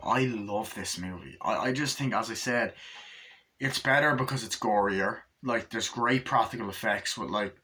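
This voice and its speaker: Man, movie reviewer, rambling casual talk, lots of filler words, bright tense tone. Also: medium pitch. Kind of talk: casual plot recap and review.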